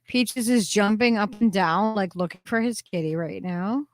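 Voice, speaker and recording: A woman's voice: mid-range voice, moderate pace, no echo. A woman co-hosting a casual podcast, chatty and full of fillers, who keeps fussing over her pets. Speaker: podcast co-host. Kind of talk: casual chat.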